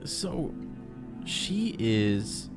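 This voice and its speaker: A man co-hosting a podcast, chatting casually about a book, halting with many restarts. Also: medium pitch, sing-song, over music. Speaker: podcast co-host. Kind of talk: casual book discussion chat.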